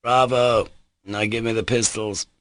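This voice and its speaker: A man voicing a reckless, excitable young nobleman in an audiobook reading, loud and exclamatory. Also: on the low side, measured pace, no room sound, voice pushed up. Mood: exuberant.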